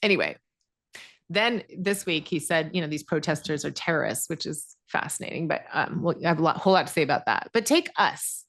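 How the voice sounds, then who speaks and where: A woman's voice: low voice, expressive, fairly quick, a bit bright. A middle-aged woman co-hosting a podcast, talking casually about politics with many fillers and restarts. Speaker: podcast co-host.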